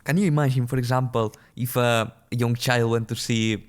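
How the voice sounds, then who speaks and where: A man's voice: mid-range voice, steady tone, moderate pace. Chatty young man rambling over gameplay. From small European country. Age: early 20s. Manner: rambling, chatty, with frequent restarts, swearing and laughter. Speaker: gaming channel host. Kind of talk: casual gameplay commentary. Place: at home at his computer.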